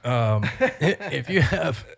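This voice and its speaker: A man's voice: fairly high pitch, sing-song, very slow, creaky. A man co-hosting a casual podcast chat, talking in a laid-back, hesitant way with many fillers. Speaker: podcast co-host.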